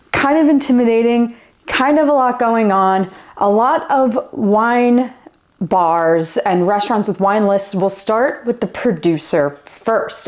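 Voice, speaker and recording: A woman's voice: mid-range voice, darkish tone. A woman teaching wine basics in a casual, chatty way, with playful asides and frequent laughs. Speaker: wine educator. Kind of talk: casual educational explainer.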